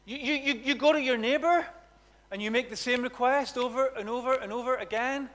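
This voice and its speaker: A man preaching a sermon, animated and emphatic, repeating words for effect. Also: very high voice, fairly quick, in a large hall. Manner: animated, emphatic, with dramatic repetition.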